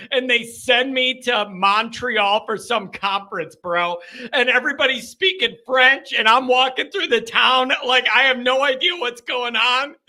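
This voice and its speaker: A man, hosting a call-in sports show, joking and laughing often. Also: very high-pitched. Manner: excitable, jokey, laughs often. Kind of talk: casual call-in chat.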